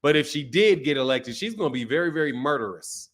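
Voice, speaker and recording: A man with a slightly high voice hosts a live stream, talking loosely and joking with his viewers. He laughs often and answers comments as they come in, in an easygoing, casual way. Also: lively intonation, fast, fairly bright tone. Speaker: live-stream host reading chat.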